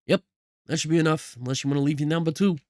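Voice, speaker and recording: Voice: medium pitch, steady tone, racing, a little mellow, no room sound, studio quality, natural voice. A game streamer voicing a friendly, chatty male museum security guard during a read-through of game dialogue. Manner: casual, folksy small talk.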